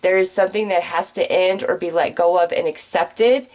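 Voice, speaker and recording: A woman giving a general tarot reading straight to her viewers, excitable and gushing, talking in quick bursts. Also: fairly low pitch, low-quality recording. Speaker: tarot reader.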